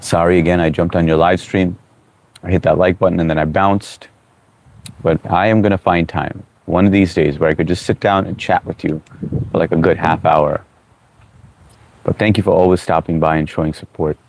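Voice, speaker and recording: Deep-voiced man chatting on a live stream. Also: moderate pace. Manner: greets viewers by name and reads chat comments aloud; relaxed, encouraging, brotherly advice. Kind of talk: casual live-stream chat.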